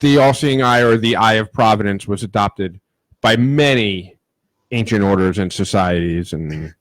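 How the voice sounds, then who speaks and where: A man's voice: on the low side, normal speed, dry recording. A man co-hosting a casual podcast chat, joking and talking over the others. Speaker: podcast co-host.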